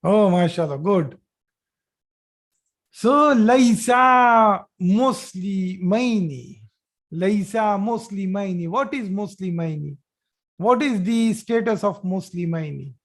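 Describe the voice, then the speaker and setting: A man teaching an Arabic grammar class live over a video call, slowly repeating each phrase and praising his students as they answer. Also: high-pitched, a little mellow.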